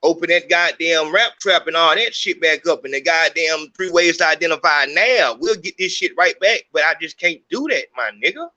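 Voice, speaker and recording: A man's voice: on the high side, normal speed, hardly any pauses, bright, forceful tone. A middle-aged man hosting a podcast, talking in a heated, profane, rambling monologue. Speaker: podcast host. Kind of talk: unscripted monologue.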